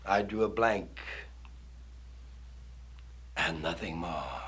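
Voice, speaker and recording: A man performing a live comic monologue in hipster slang, swinging between booming declamation and low murmurs, recorded in the 1950s before a small audience. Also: animated, unhurried, a bit bright. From American. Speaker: comedian.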